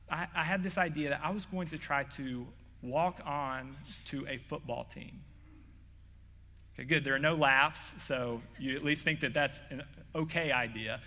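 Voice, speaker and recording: A young man preaches with a bright, forceful voice that sits a little high for a man. He talks in an earnest, conversational way, and long reverb trails behind his words. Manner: earnest, conversational, gets louder and higher when acting out Isaiah's words. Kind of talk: sermon. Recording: hall reverb.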